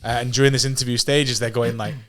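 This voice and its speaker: Fast-talking man in his thirties, swearing freely. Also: mid-range voice. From England. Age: 30s. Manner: swears freely, animated, laughs at own jokes. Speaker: podcast guest. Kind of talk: casual storytelling.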